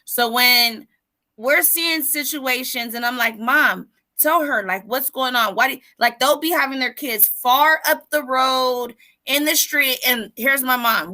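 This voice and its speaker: A woman's voice: sits high, measured pace, sharp tone. A woman hosting a casual online panel, chatting and directing the other callers. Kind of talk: casual chat on a video call. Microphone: video call.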